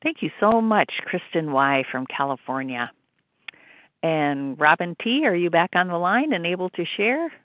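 A woman's voice: fairly low pitch, animated, moderate pace, no room sound. A woman chairing a support meeting, graciously thanking each speaker and calling on the next. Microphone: phone call. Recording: dry tinny phone line.

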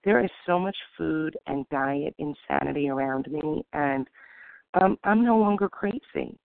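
Woman, gravelly, dry close sound, tinny phone line, calm reflective share, frequent ums. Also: sits low, measured pace, dry recording. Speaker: meeting member sharing. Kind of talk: personal share at a recovery meeting.

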